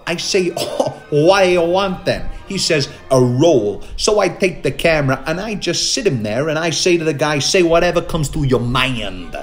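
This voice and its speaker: A man's voice: a little high, natural voice. An actor playing a brash, foul-mouthed, short-tempered man on a film set, telling stories in a mockumentary interview. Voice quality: profane, brash, animated storytelling.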